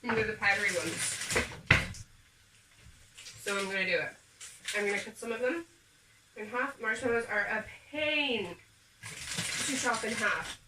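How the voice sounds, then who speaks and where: Talking her viewers through a bake step by step, a home baking vlogger keeps things upbeat in a casual kitchen demo. Her mid-range voice moves at a measured pace, with frequent pauses. Background noise is present, the kitchen echoes, and the mic sits a bit far off.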